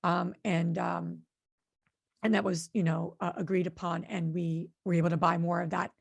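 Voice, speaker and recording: An earnest woman co-hosting a podcast, talking through a story in a loose, conversational way. Her voice has a gravelly fry, and she often pauses with fillers and restarts her sentences. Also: fairly low pitch, little pitch movement. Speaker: podcast co-host and real estate investor.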